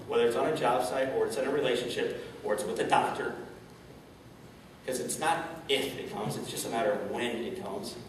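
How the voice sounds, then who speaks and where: Un hombre de San Luis, Misuri, da una charla motivacional, con preguntas retóricas y palabras repetidas al tropezar. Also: male voice, mid-range voice, a little hiss or hum. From St. Louis, Missouri, USA. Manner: stammering repeats, frequent rhetorical questions. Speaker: motivational speaker. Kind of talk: inspirational keynote talk. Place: large event hall, indoors. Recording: echoey hall, speaker far from mic.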